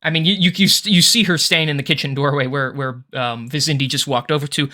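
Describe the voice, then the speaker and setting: Brief: male game master, slightly high voice, casual halting narration. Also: steady tone, sharp tone. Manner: casual, hesitant narration with fillers.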